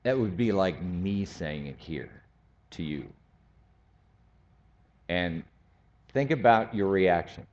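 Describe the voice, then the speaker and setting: Guy teaching a bible class, slow and deliberate, dull lo-fi recording. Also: low voice, lively intonation, darkish tone. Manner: slow, deliberate, rising to emphatic. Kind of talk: Bible study sermon.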